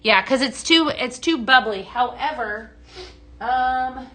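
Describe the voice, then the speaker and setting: A woman's voice: sits high, takes it slowly, fairly bright tone. Bubbly woman hosting a live stream. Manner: chatty and bubbly, greets viewers by name, answers their questions. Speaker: home fragrance consultant hosting a live sales stream. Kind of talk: casual live-stream product demo.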